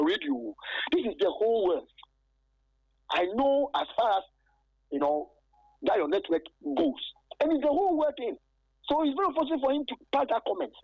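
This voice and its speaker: A gravelly, husky man talks over a dull, muffled phone line. He stumbles and repeats himself as he airs a grievance, and his pitch leaps up and down. The sound is dry and close. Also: no room sound. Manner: halting and aggrieved, stacks repeated words and fillers. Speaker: former footballer calling in. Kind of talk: phone-in interview.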